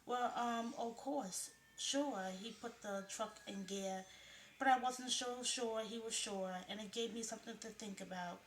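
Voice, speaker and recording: A woman narrating a first-person mystery novel in a steady, measured way. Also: mid-range voice. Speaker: audiobook narrator. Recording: roomy, faintly noisy room.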